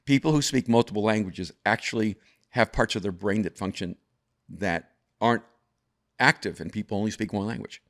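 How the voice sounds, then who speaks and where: Brief: older male guest, low voice, thoughtful storyteller who restarts his sentences. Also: moderate pace. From El Salvador. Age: over 50. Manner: reflective, frequent restarts and repeated words. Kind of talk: conversational storytelling.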